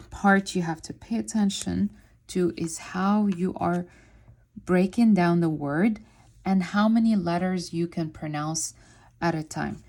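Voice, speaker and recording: Slow, deliberate woman teaching Arabic. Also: lowish voice, mellow. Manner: slow and deliberate, sounding out syllables. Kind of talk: spoken lesson while writing on a board.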